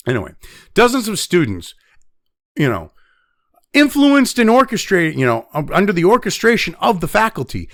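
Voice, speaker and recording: Profane, ranting man with lively pitch. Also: gravelly, no echo, studio quality. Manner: angry, heavily profane, blunt; reads news excerpts aloud between rants. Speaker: news commentator. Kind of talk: profane ranting news commentary.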